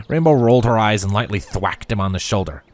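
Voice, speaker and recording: A man reading fanfiction aloud as narrator, in a lively storytelling manner. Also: fairly low pitch, fast talker.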